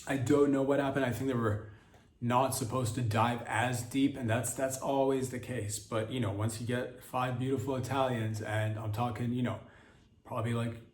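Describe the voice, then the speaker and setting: A man's voice: mid-range voice, steady tone, normal speed, a little hiss or hum. A man hosting a podcast, delivering a rambling, crude comedic monologue full of fillers and restarts. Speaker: podcast host. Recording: roomy echo.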